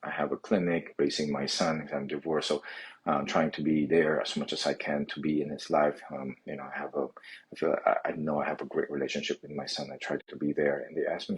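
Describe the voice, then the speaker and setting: A middle-aged man from the Philippines telling his life story, halting and restarting often. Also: rumbling low, little pitch movement, breathy edge. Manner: halting, many restarts and "you know" fillers. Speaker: physical therapy clinic owner. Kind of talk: personal story monologue.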